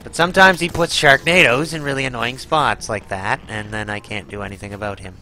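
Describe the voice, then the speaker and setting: A man's voice: medium pitch, fairly quick, pushed and bright, soft background music, rough recording. A man giving live gameplay commentary, exclaiming, groaning and swearing as he fights a boss. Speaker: gaming channel host.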